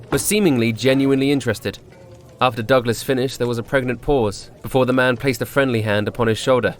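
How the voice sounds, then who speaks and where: A man's voice: medium pitch, fairly bright tone, slight background noise. A man narrating his character's backstory in a wry storytelling manner.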